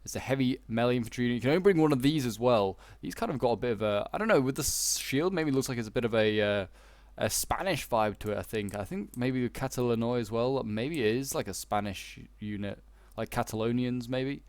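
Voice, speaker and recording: A young man with a Yorkshire accent talks through a strategy game in a loose, meandering way, stopping often for "uh" and "like". His voice is smooth and resonant, recorded close and dry with no room sound, at an ordinary middle pitch. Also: lively intonation, brisk, no room sound. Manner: rambling, hesitant, many fillers and restarts. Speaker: gaming YouTuber. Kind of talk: casual gameplay commentary.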